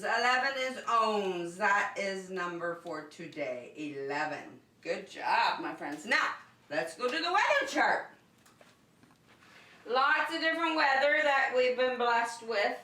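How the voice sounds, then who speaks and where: A woman's voice: a little high, expressive, takes it slowly, pushed and bright, distant mic. A woman leading an online circle time for young children from her home, in cheerful, sing-song teacher talk. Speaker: preschool teacher. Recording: echoey room, voice off-mic.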